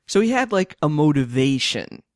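Chatty man with a higher voice, dry sound. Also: very animated, moderate pace, dry recording. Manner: chatty, stumbling restarts, laughing often. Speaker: podcast co-host. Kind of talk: casual film chat.

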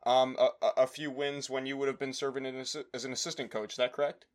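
A man hosting a podcast who speaks haltingly with many restarts as he asks questions. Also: medium pitch, level tone. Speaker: podcast host. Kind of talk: casual podcast interview.

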